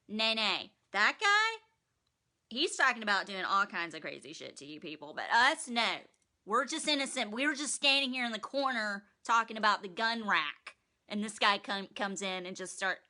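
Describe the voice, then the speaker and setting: Woman doing a shifty guy swearing he's innocent, bright and quick. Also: medium pitch, big pitch swings. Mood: evasive. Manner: fast, wheedling, evasive. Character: shifty man denying everything, wheedling.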